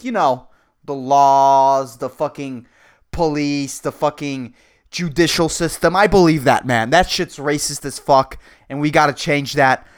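A man hosting a solo comedy podcast, ranting in a profane, rambling way and laughing at his own jokes. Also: fairly high pitch. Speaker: podcast host.

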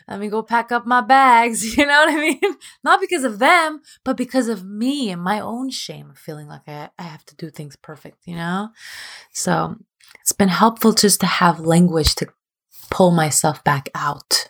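A woman's voice: medium pitch, animated, normal speed, fairly bright tone. Young woman coach on a podcast, frank and self-mocking, laughs easily. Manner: open and self-deprecating, laughs often. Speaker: relationship coach, guest. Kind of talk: candid podcast conversation.

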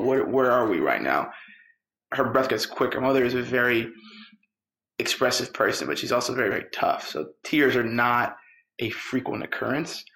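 A man telling a personal story, lively and quoting the people in it. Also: mid-range voice. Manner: lively, quotes people in dialogue. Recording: roomy echo with faint music.

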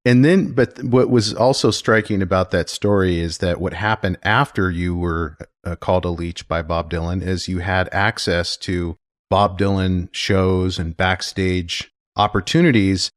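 A man's voice: low voice, steady tone, unhurried, no room sound, clean studio sound. A man interviewing a guest, prompting him attentively with questions.

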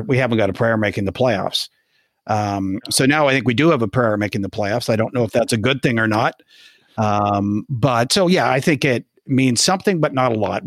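A man co-hosting a sports podcast, measured and thinking aloud with frequent restarts. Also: medium pitch, no echo, studio quality. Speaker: podcast co-host. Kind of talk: casual sports podcast chat.

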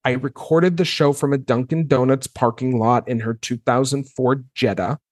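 A man in his thirties, a guest on an interview podcast, telling his story in a casual, animated way and acting out his own past reactions. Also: mid-range voice, moderate pace, no room sound, studio quality.

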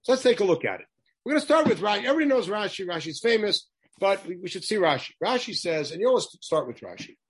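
A man leading a text study class, talking in an animated way and firing off rhetorical questions to his students. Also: sits high, fast talker, breathy edge. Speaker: teacher.

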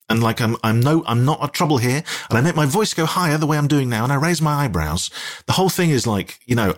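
A man with an English accent, telling a rambling, self-deprecating story as a guest in a casual conversation, hesitating often. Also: mid-range voice.

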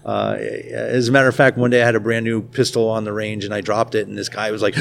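A man guest in a casual interview, telling stories in a relaxed way with quick asides. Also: on the low side, creaky. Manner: storytelling, laughing, quick asides.

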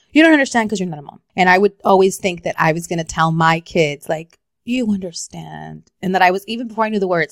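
A woman in her forties, co-hosting a podcast in casual chat, candid and quick to swear, slipping into Spanish phrases. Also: fairly low pitch, no echo, studio quality. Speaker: podcast co-host.

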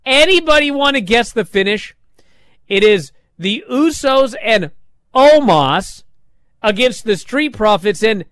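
Male show reviewer, high and animated, sarcastic, exasperated. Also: no room sound. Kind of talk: casual recap commentary.

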